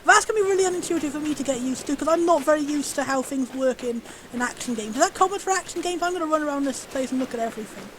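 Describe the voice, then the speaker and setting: A woman streaming a game, gushing with excitement and commenting on everything she sees. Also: high-pitched, rapid-fire, few pauses, slight background noise, low-quality recording. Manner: bubbly, gushing, easily excited. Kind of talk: live gameplay commentary.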